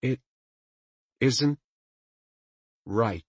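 A man's voice: mid-range voice, moderate pace, husky, no room sound, voice pushed up. A man voicing a bitter young woman who is furious at her ex-lover, talking through clenched teeth or in a falsely sweet tone. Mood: seething.

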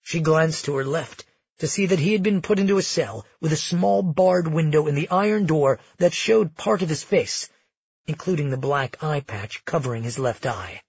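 A man reads fantasy narration with a husky, slightly high voice, steady and measured. The sound is dry and close, a bit dull in the top end. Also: no room sound. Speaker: audiobook narrator. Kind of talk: scripted narration.

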